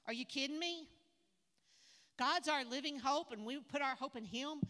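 An older woman preaching a sermon at a conference in a church hall, lively and humorous, talking straight to the audience. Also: high voice, moderate pace, pauses often. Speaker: conference speaker. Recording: echoey hall.

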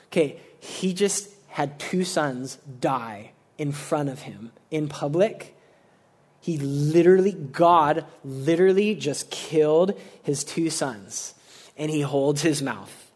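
A man's voice: fairly high pitch, darkish tone. A young man preaching a sermon in a casual, conversational way, often saying "like" and acting out the people he quotes. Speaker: pastor.

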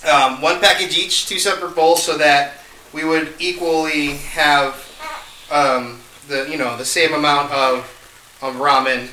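A man's voice: a little high, fairly even intonation, measured pace, pushed and bright, a little hiss or hum. A man chatting casually on a video, groaning, laughing and swearing as he talks. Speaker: vlogger eating spicy ramen. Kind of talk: casual chat. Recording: roomy sound, distant from mic.

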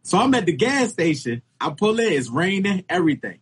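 Husky man telling animated stories. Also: fairly quick. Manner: animated, jumps into high-pitched exclamations when telling stories. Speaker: podcast co-host. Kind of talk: casual comedic storytelling.

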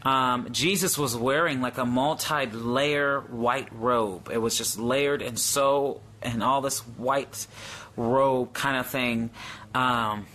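Brief: male Christian speaker, unhurried, earnest and awed testimony, mid-pitched voice. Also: fairly bright tone. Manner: earnest, awed storytelling with frequent hesitations. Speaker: Christian speaker sharing a vision. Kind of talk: livestream testimony, answering viewers.

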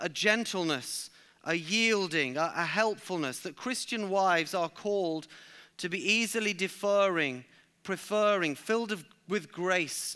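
A man's voice: high-pitched, bright, forceful tone, smooth. A male preacher delivering a sermon, emphatic, and repeating key lines for stress.

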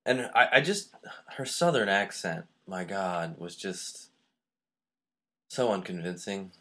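An American man co-hosting a podcast, talking casually about a film in a relaxed, loose way. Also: low voice, slow. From United States. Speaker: podcast co-host.

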